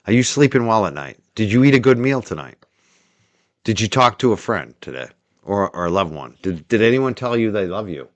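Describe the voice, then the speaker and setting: A man hosting a livestream, reading and thanking viewers' super chats in a casual, chatty way, laughing easily and trailing off quietly. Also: lowish voice, very animated, brisk, no room sound.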